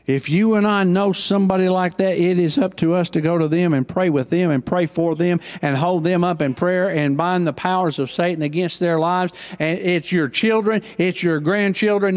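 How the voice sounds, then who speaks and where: An older man, preaching a sermon as pastor with passion and swings between loud and hushed delivery. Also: high-pitched, moderate pace, hardly any pauses.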